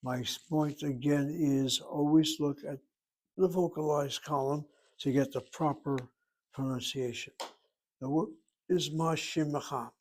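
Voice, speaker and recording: A man's voice: fairly high pitch, steady tone, a little slow, a little mellow. An older man giving a methodical Hebrew grammar lecture, explaining each point step by step. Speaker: Hebrew teacher.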